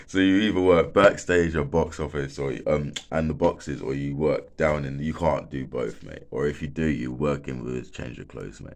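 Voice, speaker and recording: A man's voice: extremely low pitch, normal speed, vocal fry, hardly any pauses. A young man, a bit stoned, rambling casually and swearing a lot, peppering every sentence with filler words. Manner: rambling, swears a lot, fills with "like, literally" and "mate". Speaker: former football stadium security worker.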